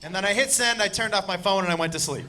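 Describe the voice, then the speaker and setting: A man's voice: high-pitched, fast, heavy background noise. A man doing stand-up storytelling, profane and punchline-driven, on stage before a live audience. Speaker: stand-up comedian. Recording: comedy club with loud audience.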